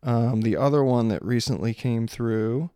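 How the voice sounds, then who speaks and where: A man's voice: medium pitch, measured pace, dark tone, clean tone, dry recording, clean studio sound. A man from Maryland, a singer-songwriter in his thirties, chatting casually and rambling, sarcastic about spam messages. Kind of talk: casual chat.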